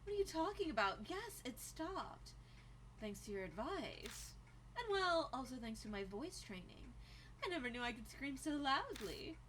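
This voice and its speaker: Soft gentle young woman companion, as a streamer voices her. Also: high voice, big pitch swings, moderate pace, a little hiss or hum. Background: loud game music.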